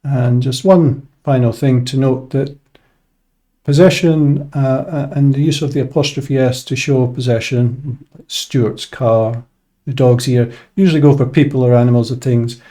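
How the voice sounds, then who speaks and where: Relaxed man explaining grammar with fillers. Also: mid-range voice, unhurried. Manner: relaxed, thinking aloud with many fillers. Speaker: English teacher. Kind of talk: casual explanatory lesson.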